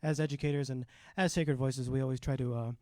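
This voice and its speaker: A man hosting a live open mic in a relaxed, rambling way with many fillers, speaking into a stage mic. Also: medium pitch, quick pace, no echo, studio quality. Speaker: open mic host and educator.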